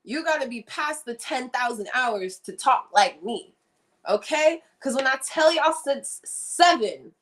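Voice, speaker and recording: Speaking in a high, animated voice, this young female streamer takes her time as she talks casually and candidly to her audience. She tends to say things twice to drive them home. The sound comes through a streaming rig.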